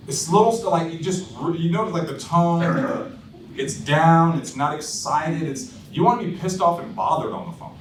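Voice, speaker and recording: A man giving blunt, animated sales coaching to his team, acting out phone calls as he tells stories. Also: a little high, moderate pace. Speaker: insurance sales trainer. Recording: roomy echo, distant mic, background noise.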